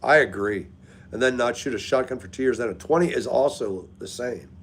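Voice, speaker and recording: A man's voice: mid-range voice, fairly quick, husky. A man hosting a live stream, chatting casually and greeting viewers by name as he talks. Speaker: livestream host.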